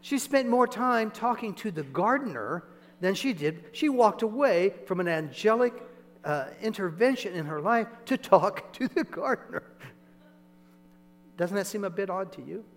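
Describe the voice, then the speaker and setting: Conversational preacher in an echoey hall. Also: male voice, high voice, moderate pace. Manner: conversational, animated, chuckling asides. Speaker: pastor. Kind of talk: sermon. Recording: echoey hall with mains hum.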